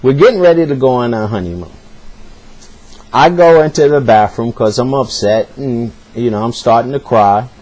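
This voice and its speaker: A man at an ordinary, middle pitch recounts something that happened to him in plain, casual speech. He sounds earnest and wounded, talking straight to the listener as if they are sitting across from him. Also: moderate pace, darkish tone. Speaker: personal storyteller. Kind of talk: casual spoken storytelling.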